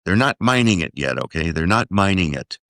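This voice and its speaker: A very low-pitched man with a bright, forceful edge, speaking as an interview guest. He rambles and works through figures out loud, tossing in "okay?" as he goes. The sound is close and dry. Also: sing-song, a little fast, no room sound. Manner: rambling, does sums aloud, keeps asking "okay?". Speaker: investor guest. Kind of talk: casual interview talk.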